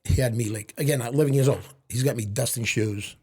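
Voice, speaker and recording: A middle-aged man from Lawrence, Massachusetts, telling stories from his childhood as a podcast guest and acting out quick bits of back-and-forth dialogue. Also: mid-range voice, dark tone, slightly rough. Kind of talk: storytelling in casual conversation.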